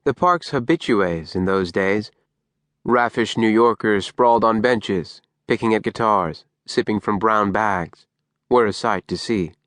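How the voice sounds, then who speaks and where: Guy reading an audiobook, steady and measured, totally dry studio sound. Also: on the low side, no room sound. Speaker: audiobook narrator. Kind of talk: scripted narration.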